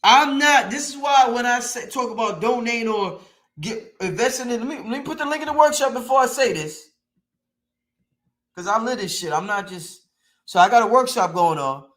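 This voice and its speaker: A man's voice: very high voice, animated, moderate pace, fairly bright tone. A man hosting a late-night online show, giving an emphatic, preachy motivational talk that repeats points and swears casually. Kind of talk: motivational live-stream talk.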